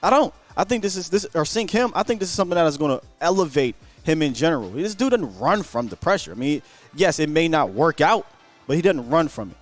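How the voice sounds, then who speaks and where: Dude hosting a call-in show, casual slang, stammers a bit, faint music behind. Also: male voice, fairly high pitch, sing-song, fast. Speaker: host. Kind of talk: live call-in sports talk show.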